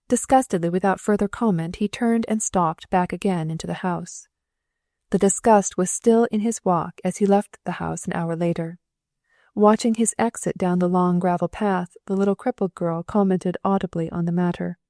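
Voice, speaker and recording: Expressive woman narrating an audiobook. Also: fairly low pitch, normal speed, no echo, studio quality. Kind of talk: scripted narration.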